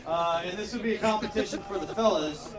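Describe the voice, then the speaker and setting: A man's voice: high-pitched, fast talker. A man emceeing an outdoor backyard comedy show, doing loose crowd work full of fillers. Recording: echoey, distant, loud crowd. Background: loud crowd.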